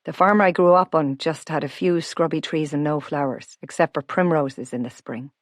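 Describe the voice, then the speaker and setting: A woman voicing a friendly, teasing, self-made wealthy Irish man in an audiobook, speaking softly. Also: sits low, normal speed, no room sound, studio quality, natural voice. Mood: wry. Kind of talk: audiobook character voice.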